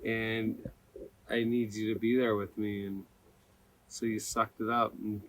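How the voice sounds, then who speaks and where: A man's voice: on the low side, little pitch movement, measured pace, fairly bright tone. A young adult man speaking bluntly in a casual interview, swearing freely and laughing at himself. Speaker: climber telling his story.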